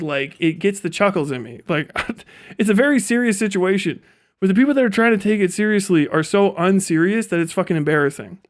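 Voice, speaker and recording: A young man hosting a livestream, ranting casually with lots of swearing and laughter. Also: sits high. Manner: profane, laughing, animated storytelling. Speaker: livestream host.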